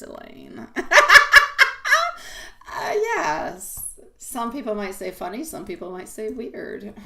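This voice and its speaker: A woman's voice: fairly high pitch, bright, forceful tone. A woman reading tarot on a live stream, chatting with viewers and calling them sweetie and my love, rambling and repeating herself. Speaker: tarot reader.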